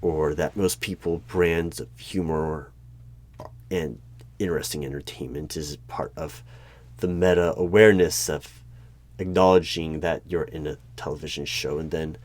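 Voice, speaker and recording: A man playing a secretive, deadpan male hiring manager of a secret bureau, asking formal, bureaucratic interview questions in a one-sided audio role-play. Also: low-pitched, slight background noise.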